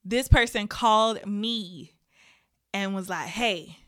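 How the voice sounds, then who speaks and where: Animated, candid woman podcast host. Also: on the high side, unhurried, no echo, clean studio sound. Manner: candid, animated, laughs often, speaks of faith. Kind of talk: casual heartfelt chat.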